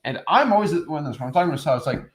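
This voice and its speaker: Chatty higher-voiced male coach. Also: animated, very fast. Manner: loose and chatty, heavy on "like" and restarts, mimics stiff salesy voices. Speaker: co-host of a real estate wholesaling training. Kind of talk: casual coaching chat.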